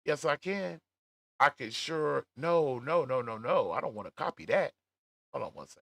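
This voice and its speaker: Animated man reading chat on a stream. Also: mid-range voice, vocal fry, dry recording. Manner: animated, laughing, drawn-out emphasis. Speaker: livestream commentary host. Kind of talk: casual commentary reading live chat. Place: at home, smoking a cigar.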